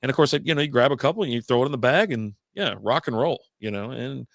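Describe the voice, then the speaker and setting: Fast-talking American man, rambling. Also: mid-range voice, animated, no room sound, clean studio sound. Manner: rambling, laughs often, full of fillers. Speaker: podcast co-host. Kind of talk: casual chat.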